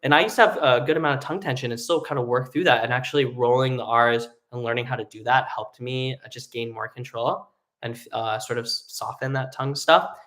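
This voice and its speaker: A man's voice: medium pitch, bright, forceful tone. A young adult man teaching a live online singing lesson, explaining casually with lots of fillers and sung vocal demonstrations.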